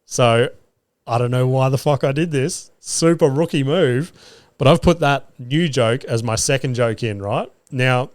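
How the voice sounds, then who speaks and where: Here an Australian comic hosts a podcast, spinning stories in a loose monologue where he swears a lot and plays out his own remarks. His pitch is medium and his pace unhurried. The sound is clean studio audio with no room sound.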